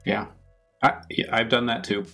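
A man's voice: medium pitch, fairly even intonation, moderate pace, creaky, bright, forceful tone, soft background music. A man hosting a podcast interview, candid and enthusiastic in casual chat. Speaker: podcast host.

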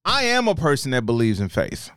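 A man's voice: mid-range voice, huge pitch swings, brisk, a bit bright, smooth, no echo, clean studio sound. A man co-hosting a podcast, in a casual, profane and emphatic chat full of restarts. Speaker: podcast co-host.

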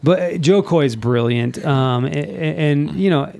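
A man's voice: mid-range voice, normal speed, creaky, darkish tone. A man co-hosting a podcast in casual group chat, rambling and enthusiastic, often restarting his sentences. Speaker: podcast co-host.

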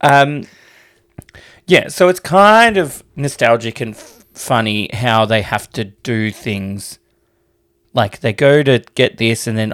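A man's voice: mid-range voice, lively intonation, slow, fairly bright tone. A man co-hosting a podcast in casual chat, rambling and hesitant, swearing freely. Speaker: podcast co-host.

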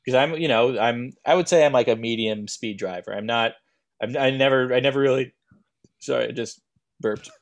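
A young man at an ordinary middle pitch, chatting casually as a podcast co-host. He rambles, circles back and restarts his sentences as he tells a story. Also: normal speed. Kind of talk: casual chat.

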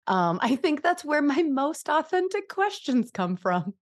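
A woman's voice: high-pitched, sing-song, unhurried. An American woman hosting a podcast, chatting in a bubbly, self-deprecating way and leading a short prayer. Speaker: podcast host. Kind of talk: casual podcast chat and spoken prayer.

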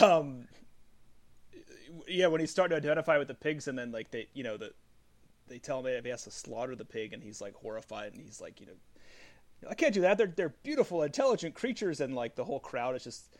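A man in casual chat, recounting a scene quickly and excitedly, laughing as he talks. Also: mid-range voice.

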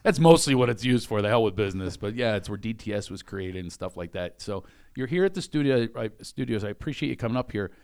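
A man's voice: fairly low pitch, expressive, fast talker, creaky, hardly any pauses, darkish tone, clear, resonant tone. A man hosting a podcast in his office, chatty and joking, laughing often. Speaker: podcast host. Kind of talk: casual chat.

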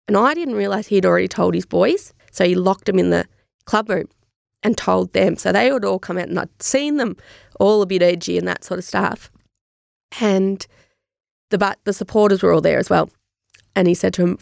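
An Australian woman speaking as an interview guest, telling a personal story in a candid, animated way. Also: mid-range voice, normal speed, vocal fry, no room sound, studio quality. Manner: candid, animated, acts out remembered dialogue. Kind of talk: conversational storytelling.

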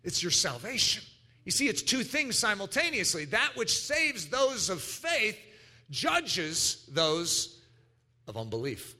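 A man preaching a sermon, emphatic and animated, acting out little quoted voices as he teaches. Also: high voice, slow pace. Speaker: pastor.

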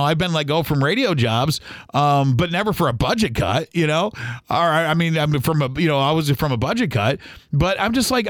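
A man's voice: mid-range voice, clean tone, no echo, clean studio sound. A man hosting his own podcast, telling a personal story casually with many fillers and acted-out bits of dialogue. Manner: conversational, lots of fillers, acts out quoted dialogue. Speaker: podcast host.

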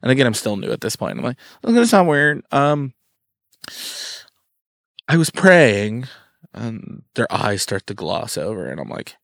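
A man telling a lively story in casual chat, acting out the quotes as he goes. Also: lowish voice, unhurried, creaky, pauses often, no room sound, clean studio sound. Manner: animated, acts out quotes in his story. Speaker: guest.

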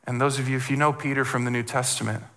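A man preaching as a guest speaker, animated, repeating words and acting out the voices he quotes. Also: medium pitch, quick pace. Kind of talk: sermon.

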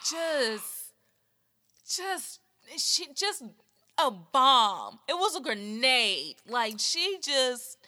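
A woman's voice: sits high, very animated, drawn-out words, bright, forceful tone. A woman co-hosting a podcast in casual chat, chiming in with short agreeing reactions. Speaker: podcast co-host.

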